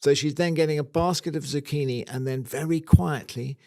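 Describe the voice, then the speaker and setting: A man's voice: a little high, steady tone, brisk, darkish tone, no echo, studio quality. A man co-hosting a garden show, chatting casually and spinning playful comic stories. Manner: playful storyteller, spins comic scenarios. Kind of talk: casual podcast banter.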